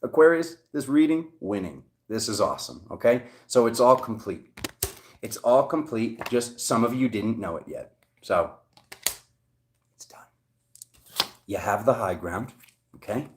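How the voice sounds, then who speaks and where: A man giving a casual, animated tarot reading for each zodiac sign as the channel's host. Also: measured pace, pauses often, background noise. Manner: animated, excitable, jumps high in pitch. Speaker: tarot reader.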